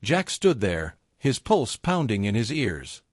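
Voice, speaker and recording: A man reading a story as its narrator in a measured, descriptive way. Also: mid-range voice, very animated, dry recording, clean studio sound.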